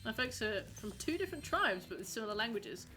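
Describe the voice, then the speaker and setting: Faint music plays behind a young woman livestreaming a game, her fairly high voice pushed and bright, swinging widely in pitch at a fairly quick pace. She rambles casually and reacts to viewers' messages.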